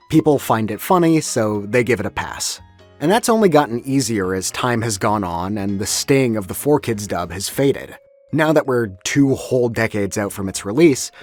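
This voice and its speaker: A man's voice: on the low side, darkish tone. Wry man narrating a video essay. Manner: wry, analytical. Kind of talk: scripted narration.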